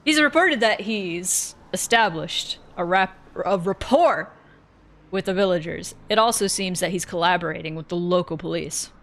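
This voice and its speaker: A woman's voice: lowish voice, normal speed, a bit bright. A woman voicing a junior police officer, reading the lines aloud in a plain, near-natural voice. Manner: plain read-aloud delivery.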